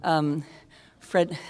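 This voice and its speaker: A tired woman singer-songwriter chatting between songs at a live concert, rambling and halting with many filler pauses and wry self-mocking humor. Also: low-pitched, fairly even intonation, a little mellow, slight background noise. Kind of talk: stage banter between songs. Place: live concert stage in a hall. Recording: live concert hall reverb with band music.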